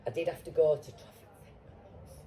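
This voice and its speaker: A woman's voice: sits low, steady tone, quick pace, warm tone, slight background noise, rough recording. A middle-aged woman with a Yorkshire accent, a guest actor telling stories in a casual chat, blunt and swearing freely.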